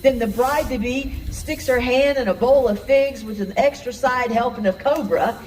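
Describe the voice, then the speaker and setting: A woman's voice: fairly high pitch, moderate pace, darkish tone, a little hiss or hum, close to an everyday voice, low-quality recording. A woman playing a weary female palace onlooker in a live stage show, giving dry, sarcastic commentary. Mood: wry.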